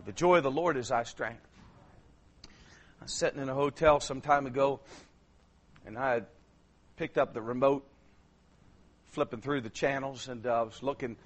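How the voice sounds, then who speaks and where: A male pastor, preaching a sermon that swings from shouted passages to low, quiet storytelling.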